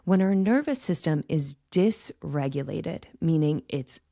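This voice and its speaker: A woman hosting a podcast, calmly teaching in a gentle, reflective monologue that often checks in with "right?". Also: low-pitched, unhurried, creaky, dry recording, clean studio sound. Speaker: podcast host and intuition coach.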